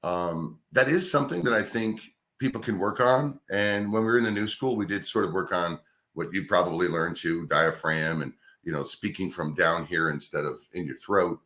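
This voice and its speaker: A male radio host from New York's Capital Region, telling stories from his career in a relaxed, chatty interview. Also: sits low, normal speed. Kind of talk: casual interview storytelling.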